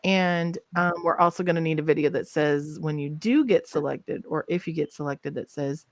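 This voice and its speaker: A woman hosting a casual group chat, teasing the others and laughing often, clearly the one in charge. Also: low-pitched, normal speed, no echo. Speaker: host, company owner.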